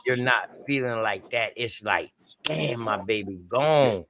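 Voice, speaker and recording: A man's voice: medium pitch, a little slow, a bit bright, slight background noise. A man with a Southern US accent hosting a livestream, telling an emotional story in raw, profane, heartfelt talk. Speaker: livestream host.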